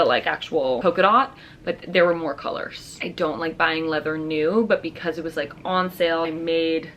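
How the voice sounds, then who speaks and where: A young woman with a slightly low voice chats through a fashion haul, bubbly and gushing, peppering every sentence with "like" and trendy slang. Faint background noise sits under her voice. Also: fairly bright tone. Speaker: fashion vlogger. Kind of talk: casual try-on haul chat.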